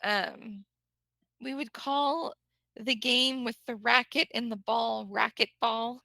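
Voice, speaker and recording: A woman's voice: fairly high pitch, steady tone, takes it slowly, creaky, bright, forceful tone, no room sound, poor audio. An American woman, an English teacher, chatting animatedly in a casual conversation and laughing often.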